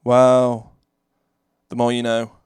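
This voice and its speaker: A man hosting a casual podcast, a bit sick with a deeper voice than usual, rambling and reading headlines aloud. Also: normal speed, gravelly, no room sound, clean studio sound. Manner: rambling, laughs often, reads headlines aloud. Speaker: podcast host.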